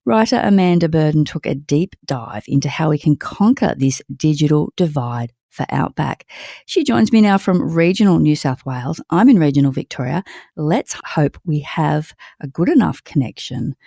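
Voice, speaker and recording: Australian guy hosting a podcast, bit of gravel in his voice, mellow, dry close sound. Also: a little high, lively intonation, dry recording. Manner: measured, scripted introductions then conversational questions. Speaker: podcast host. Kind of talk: interview podcast. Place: home in regional Victoria.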